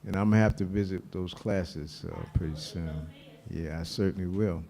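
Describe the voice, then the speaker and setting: A man chairing a public board meeting, halting and easygoing, often correcting himself. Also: low voice, steady tone, mellow.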